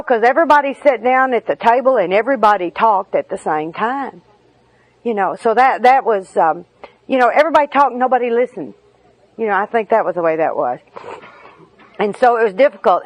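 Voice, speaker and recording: A woman's voice: a little high, rough recording. Candid woman telling recovery stories. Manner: candid and humorous storytelling. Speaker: speaker at a recovery meeting. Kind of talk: personal recovery talk.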